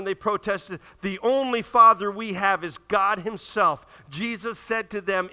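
A male pastor preaching with strong emphasis and acting out the scripture dialogue. His voice sits high for a man, with a very bright, forceful edge. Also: unhurried, few pauses. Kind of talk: sermon.

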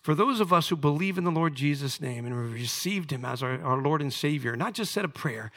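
Impassioned preacher man, bright voice. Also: on the high side, animated, a little fast, few pauses. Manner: impassioned, rising to loud fervent peaks; drops to soft confiding tones for personal story. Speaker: pastor. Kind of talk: sermon.

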